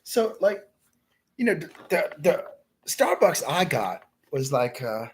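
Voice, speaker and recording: A man's voice: on the high side, sing-song, slow, slight background noise. A man telling a rambling, profane story to his livestream viewers, ending his sentences with "man" and insisting it all really happened. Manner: insists his stories are true. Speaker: livestream host.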